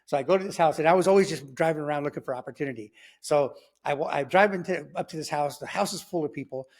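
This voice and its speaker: A man casually telling his own story in slangy talk, acting out sounds like gunshots as he goes. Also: quick pace. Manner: animated, slangy, acts out sounds like "boom" and "pow". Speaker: guest telling his testimony.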